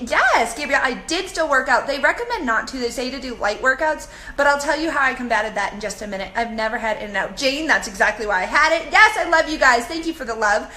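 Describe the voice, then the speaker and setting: A woman in her thirties chatting on a live video to her viewers, animated as she tells stories and answers comments. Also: high-pitched. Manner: bubbly, animated storytelling, reads comments aloud. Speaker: coach hosting a live video. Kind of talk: live-stream chat to viewers. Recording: echoey room with faint background noise.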